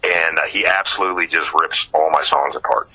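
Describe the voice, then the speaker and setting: A man with an extremely deep voice and a very bright, forceful tone tells a story as a guest in a casual interview. He is a singer-songwriter from Ohio, and he is animated, chuckling as he goes and leaning on many fillers. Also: a little fast, gravelly, rough recording.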